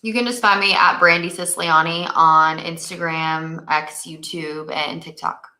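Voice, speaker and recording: A woman guest on a video call, answering briefly and relaxed. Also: low voice, measured pace, reverberant. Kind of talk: casual interview chat.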